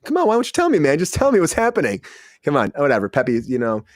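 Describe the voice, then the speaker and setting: An upbeat man hosting a comedy news show over a video call, fairly high-voiced and keen to hype things up. The sound is close and dry. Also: wildly swooping pitch, quick pace, no echo. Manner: upbeat, hyping, swearing. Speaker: host. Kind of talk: casual comedy podcast chat.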